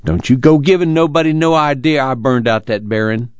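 A man's voice: medium pitch, fairly quick, smooth, no room sound, pitched above the performer's own voice, close to an everyday voice. A man voicing a hot-tempered young farm man with a defensive rural drawl. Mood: angry. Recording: dull lo-fi recording.

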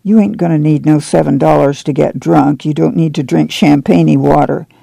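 A man plays a resigned farmer father who talks in a plain, gruff, matter-of-fact way. His voice is gravelly and mellow, fairly high for a man. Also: steady tone, moderate pace, dry recording.

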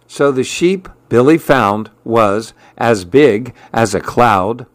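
Male narrator for a rhyming picture book, measured and rhythmic, taking his time; dry, close recording. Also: medium pitch, no echo.

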